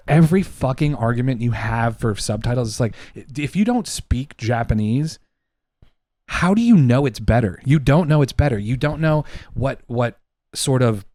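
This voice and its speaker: A man's voice: mid-range voice, dry recording. Heated, swearing man ranting close to the mic. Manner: heated, emphatic, swearing, talks loud. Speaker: podcast co-host. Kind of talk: profane opinion rant.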